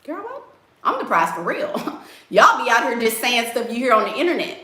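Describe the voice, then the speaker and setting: A woman's voice: on the high side, sing-song, a little fast, sharp tone, roomy sound. A woman giving blunt, sassy dating advice while answering viewers in a casual live stream. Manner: blunt, sassy, emphatic, addresses viewers as y'all.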